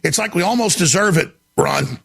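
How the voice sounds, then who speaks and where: A man's voice: sits high, lively intonation, normal speed, vocal fry, a bit bright, breathy edge. A man hosting a talk radio show, speaking in an intense, indignant and emphatic way. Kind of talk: heated talk radio commentary.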